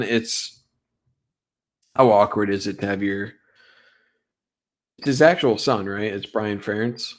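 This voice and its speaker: Excitable young man breaking down football film. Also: lowish voice. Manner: excitable, filler-heavy, lots of "like" and "right?". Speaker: sports streamer breaking down game film. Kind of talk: casual live-stream film breakdown.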